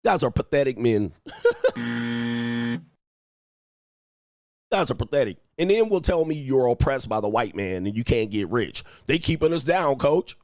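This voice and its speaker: A man's voice: mid-range voice, animated, a little slow, pauses often, a little mellow, dry recording, clean studio sound. Brash, mocking male livestream coach. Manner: brash, mocking, profane, often laughing. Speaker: dating and lifestyle coach, livestream host. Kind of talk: unscripted livestream commentary.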